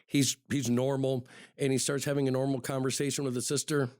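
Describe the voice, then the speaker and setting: A man hosts a podcast and tells a true-crime story in a casual, rambling way, doubling back on his words and leaning on "you know". His voice sits at an ordinary middle pitch. It is recorded dry and close, with no room sound. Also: flat delivery, brisk, a little mellow, no echo. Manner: conversational, repeats words and says "you know" often. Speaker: podcast host.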